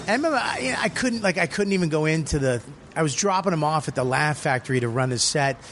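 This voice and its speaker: A man, a comedian hosting a podcast, telling a story in casual, profane, animated chat from a cigar lounge. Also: on the high side, quick pace, a little hiss or hum. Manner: profane, animated, acts out quoted people. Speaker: podcast host.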